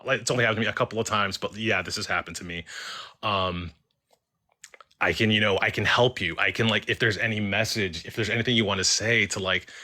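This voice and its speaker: A man's voice: fairly low pitch, a little fast. A young man telling a personal ghost story in casual chat on a live stream, acting out the voices he quotes. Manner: animated, acts out quoted voices. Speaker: caller sharing a story.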